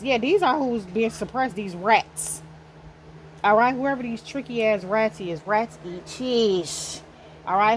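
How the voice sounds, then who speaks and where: Woman, tarot reader, fairly high voice, casual spiritual reading, emphatic, profane, slangy. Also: slight background noise. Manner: emphatic, slangy and profane, talks straight to the viewer.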